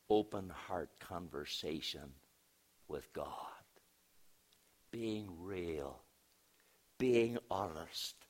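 Male pastor, sermon delivery, unhurried and low-pitched, storyteller who hushes and swells. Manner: storytelling, dropping to hushed tones then rising for emphasis.

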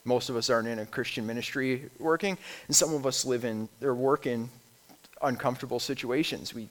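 A man, a lay speaker and youth leader, gives a conversational sermon. He reads scripture slowly, then talks informally with frequent restarts and ums. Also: mid-range voice.

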